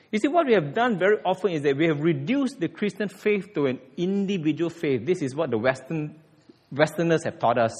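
A man preaches. His voice sits a little high and swings widely, jumping up to hit his key points. The sound carries the long reverb of a church hall. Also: slightly rough. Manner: animated preaching with sudden emphatic rises. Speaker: pastor. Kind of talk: sermon.

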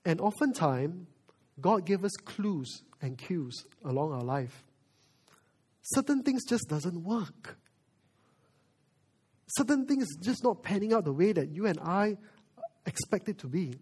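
A male pastor preaching a sermon, moving from quiet reflection to loud emphasis. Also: sits high, lively intonation, slow, long pauses, breathy edge.

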